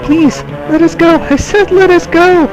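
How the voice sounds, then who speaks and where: A man voicing a tearful but plucky young girl in a high squeaky falsetto, over game music. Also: steady tone, a little slow, highs cut off. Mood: frightened.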